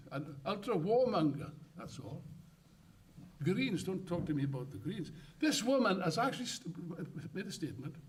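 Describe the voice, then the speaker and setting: An older man giving an impassioned, rambling congress speech, swinging from loud outbursts to muttered asides. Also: sits high, distant mic. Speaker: political speaker. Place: conference hall.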